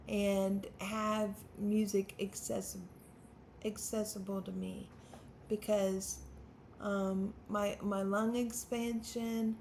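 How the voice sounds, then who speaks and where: A woman's voice: mid-range voice, a little mellow, slight background noise. A woman in her fifties, a songwriter hosting her own channel, talking unscripted to the camera in a nervous, stammering, self-deprecating way. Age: 50s.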